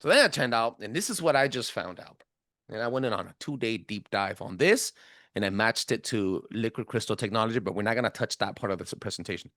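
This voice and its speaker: Animated man with a thick accent. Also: fast, dry recording, studio quality. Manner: animated, emphatic, swinging pitch; self-described thick accent, stumbles over words. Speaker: podcast host. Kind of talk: casual podcast presentation.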